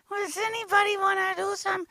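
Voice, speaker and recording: Super high crackly poodle dog, slooow and eager to draw. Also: male voice, fairly even intonation, no room sound, studio quality, heavily acted. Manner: drawn-out, yelled delivery. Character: slow, eager poodle dog who loves drawing. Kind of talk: comedy podcast character bit.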